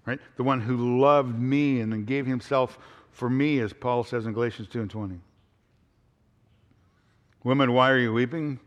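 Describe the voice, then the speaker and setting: A man's voice: mid-range voice, steady tone, normal speed, darkish tone, dull audio. A pastor preaching an expository sermon in a conversational way, often using fillers and restarting his sentences. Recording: hall reverb.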